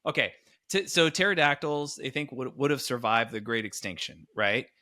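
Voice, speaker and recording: A man's voice: medium pitch, animated, normal speed, sharp tone, no echo. A man co-hosting a podcast, talking casually and with enthusiasm, rambling with many restarts. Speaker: podcast co-host. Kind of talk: casual chat.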